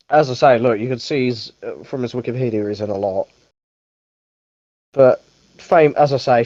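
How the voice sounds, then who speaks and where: A man's voice: fairly low pitch, dark tone, dry recording, muffled recording. A young man hosting a casual movie review podcast, rambling, correcting himself and swearing offhand. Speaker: podcast host.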